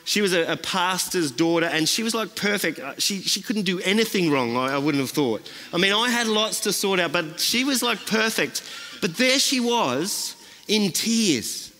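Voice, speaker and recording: A man's voice: sits high, animated, normal speed, sharp tone. A man preaching a sermon as a guest speaker, earnest and repeating phrases for emphasis. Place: church. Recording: long church reverb.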